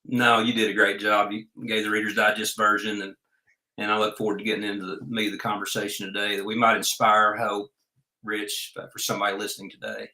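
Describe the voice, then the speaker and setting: A man's voice: fairly low pitch, flat delivery, pushed and bright, reverberant, poor audio. Folksy man telling stories. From Oklahoma. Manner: folksy, unhurried storyteller. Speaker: podcast guest. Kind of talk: storytelling in a podcast interview.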